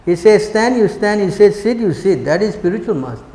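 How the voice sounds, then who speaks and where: A spiritual teacher gives a sermon-style class in a temple hall, his voice high for a man, mellow, with lively intonation and a slightly fast pace. He's emphatic, pressing listeners with short rhetorical questions. The echoey room leaves each phrase trailing in long reverb, with a little hiss or hum.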